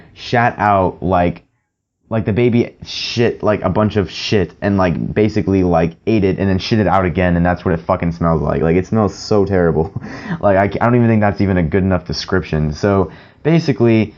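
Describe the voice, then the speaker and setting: A man's voice: sits low, a little mellow, lo-fi sound. A young man telling a story to his viewers in a rambling, profane way, full of filler words. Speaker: vlogger. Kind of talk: casual storytelling to camera.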